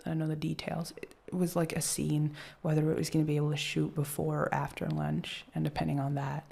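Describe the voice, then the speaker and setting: Woman, whispered role-play, gravelly low voice, mellow, nervous rambling girlfriend. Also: little pitch movement, a little fast. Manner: nervous, rambling, soft-spoken, laughs often. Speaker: girlfriend character, an actress.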